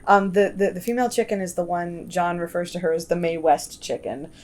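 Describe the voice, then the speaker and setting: A woman's voice: fairly low pitch, steady tone, fairly quick. A woman cartoonist guest chatting casually on a podcast, telling stories animatedly and laughing often. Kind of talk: casual chat.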